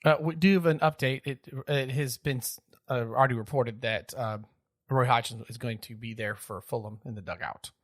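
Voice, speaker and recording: Man, casual soccer banter, animated, mid pitch, dry sound. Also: moderate pace, dry recording. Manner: laughs easily, animated banter. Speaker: podcast co-host. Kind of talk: casual sports chat.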